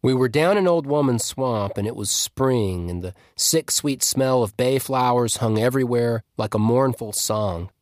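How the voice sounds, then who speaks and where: A man reading a literary story aloud at a measured, reflective pace. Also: mid-range voice, no room sound, clean studio sound. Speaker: story reader.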